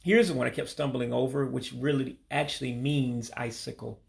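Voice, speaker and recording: A man from Michigan, casually walking through a vocabulary lesson and repeating each word slowly, with frequent ums and uhs. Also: medium pitch, steady tone, vocal fry. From Michigan, USA. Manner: repeats words slowly, hesitant with many fillers. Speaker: language learner teaching vocabulary.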